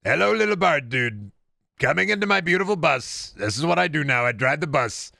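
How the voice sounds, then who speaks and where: Man doing a boastful politician impression, older man, raised pitch, repetitive brags, gravelly edge, dry close sound. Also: expressive, brisk, bright, forceful tone, no echo, full character voice. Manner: bragging, repetitive, rambling crude boasts. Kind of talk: comedic impression while gaming.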